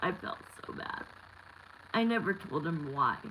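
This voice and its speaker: A woman's voice: sits low, animated, unhurried, sharp tone, a little hiss or hum, low-quality recording. A woman in her thirties giving a live tarot reading, talking candidly and bluntly with lots of fillers. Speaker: tarot reader.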